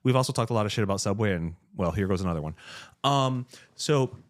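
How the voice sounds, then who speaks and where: A man's voice: on the low side, animated, fast. A man hosting a podcast who chats in an easygoing, playful way. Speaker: podcast host. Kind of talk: casual talk show chat. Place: podcast studio.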